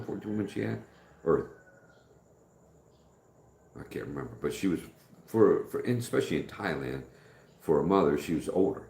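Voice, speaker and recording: A man's voice: rumbling low, creaky, dark tone. A middle-aged man from the United States hosting a live stream, rambling through stories in casual chat and acting out quoted dialogue. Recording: echoey room.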